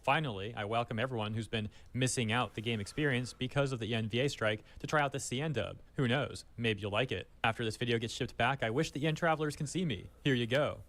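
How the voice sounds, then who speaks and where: A man's voice reading out online comments in an even, flat delivery. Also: medium pitch, fast, hardly any pauses, lightly acted.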